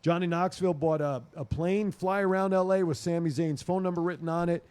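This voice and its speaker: A man hosting a podcast in casual chat, running through headlines and reading listener comments in a quick, rambling way. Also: high voice, steady tone, a little mellow, clear, resonant tone. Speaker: podcast host.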